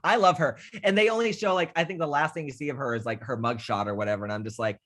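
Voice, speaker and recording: A young man hosting a casual film chat, rambling and animated, swearing freely and acting out scenes he loves. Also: medium pitch, fast talker. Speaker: podcast host.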